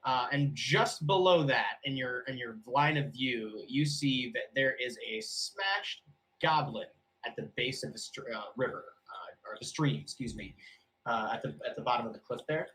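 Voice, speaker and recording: A man's voice: mid-range voice, moderate pace, slight background noise, poor audio. Male game master, casual narration, lots of ums, easygoing. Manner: relaxed, thinks aloud with many fillers. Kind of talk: narrating a tabletop game for new players.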